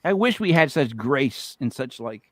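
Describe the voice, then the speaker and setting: A man hosting a podcast in casual chat, joking and animated. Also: mid-range voice, normal speed, crowd noise. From New England, near Boston. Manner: animated, joking, slips into mock accents. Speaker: podcast host.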